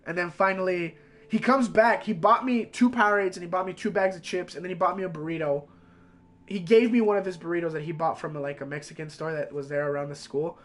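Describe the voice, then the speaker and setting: A man streamer telling a story in a casual, animated way, swearing constantly and packing his lines with fillers. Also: high voice, fast talker.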